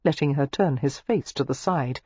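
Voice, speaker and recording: An audiobook narrator reading a novel aloud in an expressive, scripted style. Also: moderate pace, husky, no echo. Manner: expressive, shifting pitch through the narration. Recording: dull lo-fi dry recording.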